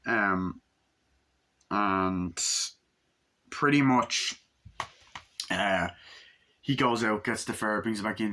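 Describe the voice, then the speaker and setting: A man's voice: on the low side, takes it slowly, long pauses, sharp tone. A young man casually recapping and reviewing a film, rambling, swearing, and acting out lines in raised voices. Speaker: movie reviewer.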